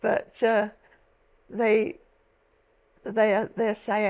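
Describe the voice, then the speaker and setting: A woman in her eighties from London, slowly recalling her childhood in a halting way, often restarting her sentences. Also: a little high, vocal fry, a little mellow. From London, England. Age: 80s. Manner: slow, halting recollection with many restarts. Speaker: guest. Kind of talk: personal storytelling.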